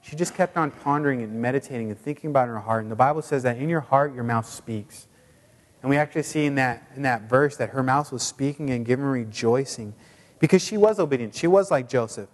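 A man preaching a sermon in a casual, chatty way with many fillers, now and then putting on high squeaky voices for quotes. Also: fast talker, long reverb tail. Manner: puts on high squeaky voices when quoting people. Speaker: pastor.

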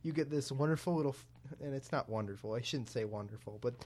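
A man's voice: mid-range voice, fast talker, darkish tone. A young man co-hosting a casual talk show, telling a story and acting out both sides of a phone call. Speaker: podcast co-host.

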